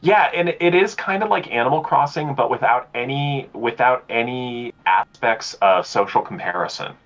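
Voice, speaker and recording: A man's voice: mid-range voice, moderate pace, fairly bright tone. Man chatting on a livestream, rambles and laughs a lot, kinda dull audio, faint music underneath. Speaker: guest speaker on mental health. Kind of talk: casual livestream chat.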